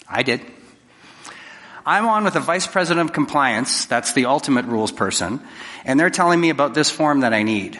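A man's voice: mid-range voice, sharp tone, big-room sound. A man giving a conversational, jokey talk to a live audience, acting out quoted exchanges. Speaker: public speaker.

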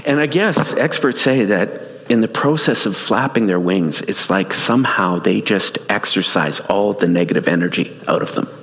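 A man preaching a sermon, telling a personal story in an animated way, laughing and restarting his sentences. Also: on the low side, moderate pace, creaky. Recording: long hall reverb.

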